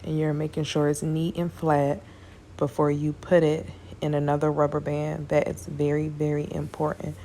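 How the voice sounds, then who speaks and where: Low, gravelly woman teaching braids. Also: monotone, moderate pace, warm tone, a little hiss or hum. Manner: casual, chatty, addresses viewers as y'all. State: tired, yawning. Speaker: hair braider. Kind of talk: hair tutorial talk.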